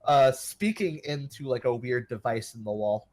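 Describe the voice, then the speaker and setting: Game master voice: casual male narrator, halting, mid-pitched. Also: lively intonation, darkish tone.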